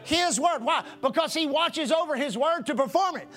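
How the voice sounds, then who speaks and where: A man's voice: very high voice, normal speed, fairly bright tone, soft background music. A man preaching a sermon as pastor, repeating phrases in a rhythmic cadence for emphasis.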